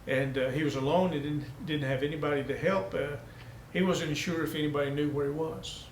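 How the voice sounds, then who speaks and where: A man's voice: fairly high pitch, steady tone, fairly quick. A man, a pastor, telling a folksy story during a sermon. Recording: echoey room with faint noise.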